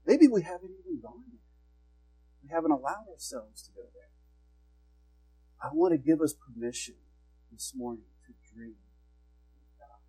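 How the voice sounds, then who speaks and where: A man's voice: fairly high pitch, big pitch swings, moderate pace, pauses often, dark tone, poor audio. A male pastor preaching a sermon in an earnest, exhorting way, asking his congregation questions.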